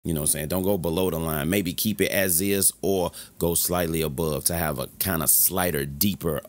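A man's voice: sits low, steady tone, normal speed. A young man casually walking through his mic settings, slangy and laid-back, often saying "you know what I'm saying". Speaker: streamer explaining mic settings. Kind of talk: casual tutorial. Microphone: studio dynamic mic, close.

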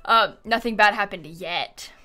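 A woman's voice: medium pitch, measured pace, bright, forceful tone. A young woman streaming a life-sim game from home, chatting with viewers, giggling often and thanking them for subs. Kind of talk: live game stream chat. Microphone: headset.

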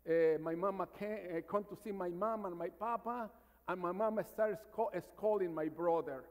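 Mexican priest preaching in a reverberant church. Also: male voice, sits high, normal speed. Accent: Mexican Spanish. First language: Spanish. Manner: storytelling, calls for amens, drops to a hushed voice. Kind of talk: sermon. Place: large church.

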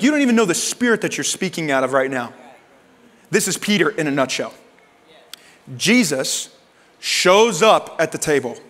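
Male pastor, animated storytelling sermon, slightly high voice, long church reverb. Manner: animated storytelling, acting out Peter's lines high and Jesus' lines low and soft. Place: church auditorium. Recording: long reverb of a large hall.

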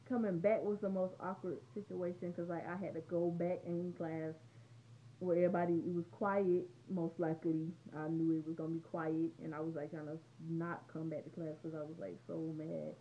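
Teen girl vlogger, slightly low voice, rambling conversational storytelling, muffled home recording with faint noise. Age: teens. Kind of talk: casual storytime vlog. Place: room at home.

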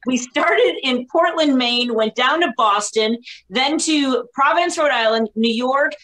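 A woman's voice: high-pitched, a little slow, sharp tone, low-quality recording. A woman comedian in her forties chatting self-mockingly on a video call from a hotel laundry room. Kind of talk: stand-up chat.

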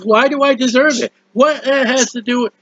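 A man's voice: very high-pitched, fairly even intonation, normal speed, no echo, highs cut off. Earnest rambling man preaching. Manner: earnest, rambling, with restarts and quiet asides. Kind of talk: sermon. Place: at home, birds heard nearby.

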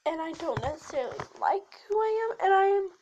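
A teenage girl hosts her channel, chatting casually to camera in a very high-pitched, expressive voice that is a little fast with a darkish tone. She rambles and gets sidetracked, with many fillers and restarts and a habit of shifting her voice. The recording is rough, with a little hiss or hum.

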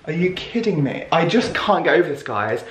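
A young man with a British accent, excitedly unboxing a clothing haul and exclaiming, gasping and laughing often. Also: on the high side, brisk. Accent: British English. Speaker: fashion vlogger. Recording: echoey room with clear background noise.

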